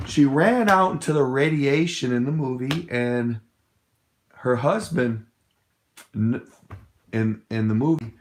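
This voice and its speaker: A middle-aged American man with a medium-pitched voice, carrying a little hiss or hum, gives an impassioned political talk. As a political speaker, he tells a long story in a rambling, emphatic, hesitant way.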